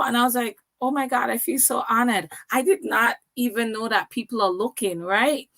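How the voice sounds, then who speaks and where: A woman's voice: fairly high pitch, normal speed, few pauses, fairly bright tone. A woman in her thirties from Canada, a guest telling her story in casual interview chat and acting out the dialogue she quotes.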